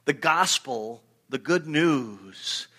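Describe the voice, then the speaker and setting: A man's voice: medium pitch, lively intonation, very slow, bright, forceful tone, husky. A man preaching a sermon as a pastor, earnest and emphatic, often repeating words as he builds a point.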